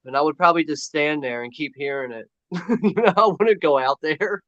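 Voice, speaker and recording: A man's voice: sits high, lively intonation, brisk, a bit bright, no room sound. Laid-back guy saying "like" a lot. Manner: laid-back, heavy use of "like", laughs easily. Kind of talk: casual movie commentary. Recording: dry dull lo-fi sound.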